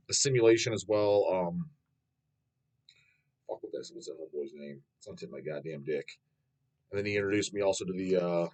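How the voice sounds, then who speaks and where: A man in his thirties hosts his own channel and answers fan questions in a blunt, rambling monologue, swearing constantly and laughing at himself. His voice is medium-pitched, and the recording is rough.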